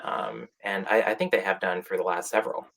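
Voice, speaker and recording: A man giving quick, conversational takes on awards results in a casual panel chat. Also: sits low, sing-song, creaky, fairly bright tone. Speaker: awards pundit.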